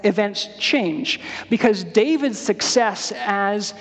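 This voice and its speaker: High-voiced pastor in a reverberant hall. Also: male voice, lively intonation. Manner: storytelling, with casual slangy asides and quick acted quotes. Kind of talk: sermon. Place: church.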